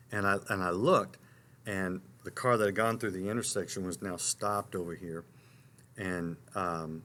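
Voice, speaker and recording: Middle-aged male talk host, tells stories animatedly, slightly low voice. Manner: animated storyteller, frequent restarts and asides. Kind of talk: storytelling on a live talk show.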